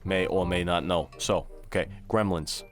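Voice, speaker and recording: A man's voice: sits low, fairly even intonation, normal speed, soft background music. A man co-hosting a casual podcast, playful and jokey, with a goofy patter when he presents a trivia segment. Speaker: podcast co-host. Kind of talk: casual chat.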